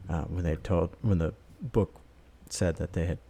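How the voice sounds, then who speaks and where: A man's voice: low voice, unhurried, vocal fry, mellow, husky. A man giving a casual, rambling voice-over for his outdoor vlog, with plenty of filler words. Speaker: vlogger.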